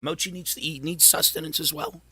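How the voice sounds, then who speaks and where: A man with a hoarse, worn-out voice chatting casually with viewers on a gaming live stream, loose and swearing. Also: on the high side, bright, forceful tone, dry recording. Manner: slow, loose, swearing banter. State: hoarse, sore throat. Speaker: gaming livestreamer.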